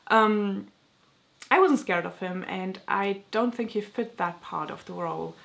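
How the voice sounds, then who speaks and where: A young woman vlogger in casual chat, rambling excitedly and using many filler words. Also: mid-range voice, unhurried, gravelly. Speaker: book vlogger.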